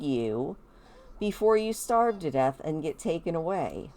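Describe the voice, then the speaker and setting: A woman giving casual gameplay commentary, chatty and animated, talking to the characters on screen. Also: deep voice, unhurried.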